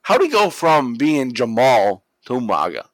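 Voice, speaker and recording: A medium-pitched man talks a little slowly in a recording with no room sound. As a podcast co-host, he spins a wrestling yarn in casual chat, profane and animated, voicing the quotes himself.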